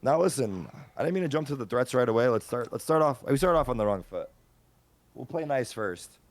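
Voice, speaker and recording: A man's voice: medium pitch, lively intonation, fast. A man co-hosting a stream, joking around with playful mock threats. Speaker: streamer co-host. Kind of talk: casual stream chat.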